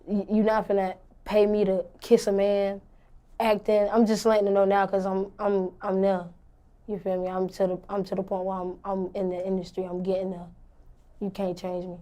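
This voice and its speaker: A woman's voice: mid-range voice, completely flat delivery, normal speed, warm tone. A young woman rapper answering interview questions in a blunt, confident, slangy way.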